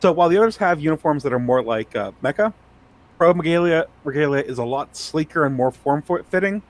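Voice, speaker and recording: A man's voice: on the high side, lively intonation, brisk. A man co-hosting a podcast, giving casual analysis and often restarting his sentences. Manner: repeats himself as he starts thoughts. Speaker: podcast co-host.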